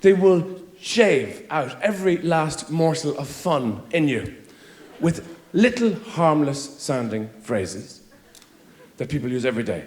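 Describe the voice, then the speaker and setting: A man's voice: fairly high pitch, big pitch swings, slow pace, a little mellow. A middle-aged man performing a rambling, theatrical stand-up routine on a theatre stage, acting out voices. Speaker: stand-up comedian. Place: theatre stage before a laughing audience. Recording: roomy live theatre sound.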